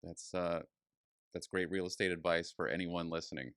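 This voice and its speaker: A man hosting a podcast, chatting in a relaxed, agreeable way. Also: low voice, moderate pace, clear, resonant tone, no room sound, studio quality. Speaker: podcast host. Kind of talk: casual chat.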